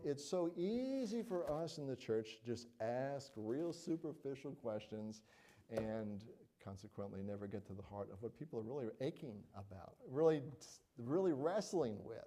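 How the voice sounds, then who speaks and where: Earnest middle-aged preacher, mellow voice. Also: male voice, medium pitch. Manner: earnest, conversational, frequent "all right?" and "you know". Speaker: pastor. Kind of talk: sermon.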